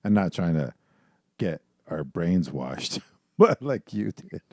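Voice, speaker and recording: A man's voice: low voice, big pitch swings, slow pace, a little mellow, no room sound, studio quality. A middle-aged man hosting a podcast, teasing and joking and laughing mid-sentence. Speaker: podcast host. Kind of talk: casual chat.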